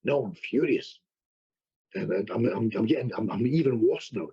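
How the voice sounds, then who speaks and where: A man who works as a hypnotherapist, a guest telling animated stories in a podcast conversation, often restarting his sentences. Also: medium pitch, moderate pace, husky, highs cut off. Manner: animated anecdotes with repeated restarts.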